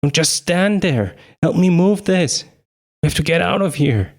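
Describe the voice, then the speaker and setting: A man voicing a panicked young woman who shouts and pleads frantically in an audiobook. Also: medium pitch, moderate pace, voice pushed up, lightly acted. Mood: frantic.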